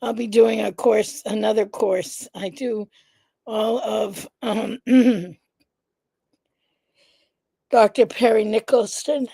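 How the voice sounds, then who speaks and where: A congested woman hosting her live vlog in a casual, chatty way, often pausing with "um" and greeting viewers by name. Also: fairly high pitch, steady tone, vocal fry, mellow, breathy edge, dry recording. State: congested, nasal stuffiness. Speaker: vlog host, founder of an organization. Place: indoors at home.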